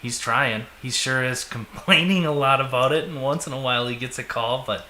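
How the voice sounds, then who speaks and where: A man's voice: mid-range voice, normal speed, sharp tone. Easygoing Minnesotan man in an echoey room. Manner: easygoing, joking, chuckles often. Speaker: podcast co-host. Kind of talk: casual sports chat. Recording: echoey room, faint noise.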